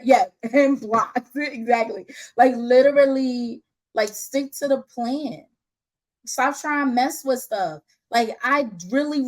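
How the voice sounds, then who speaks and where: Lively, laughing woman business coach. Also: a little high, rough recording. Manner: lively, laughs often, slangy and candid. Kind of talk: casual unscripted teaching.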